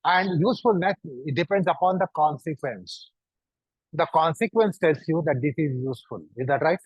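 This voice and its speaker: A man's voice: fairly high pitch, moderate pace, slightly rough, no room sound. A man teaching a yoga class, guiding students through poses and pressing them with repeated, probing questions. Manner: repetitive, probing rhetorical questions. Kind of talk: instructing a class. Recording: dull lo-fi recording.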